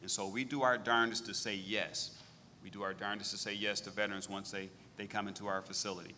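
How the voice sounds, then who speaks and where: Man, middle-aged, low-pitched, bright voice, direct and brisk, long hall reverb, faint rumble. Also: level tone. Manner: brisk, direct, repeats phrases for emphasis. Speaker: county veterans services director. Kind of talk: public meeting presentation.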